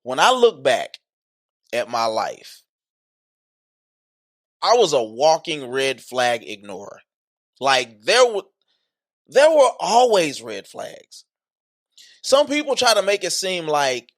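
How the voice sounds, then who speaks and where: A man hosting a podcast in casual chat, slangy and hyped, repeating catchphrases, then slowing into earnest teaching. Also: a little high, big pitch swings. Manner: switches to slower earnest teaching. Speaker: podcast host.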